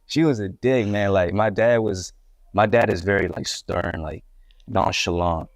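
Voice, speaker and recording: Speaking a little slowly in a lowish voice, this young hip-hop artist from Puerto Rico rambles candidly through his life story as an interview guest, restarting often. The studio-quality recording has no room sound.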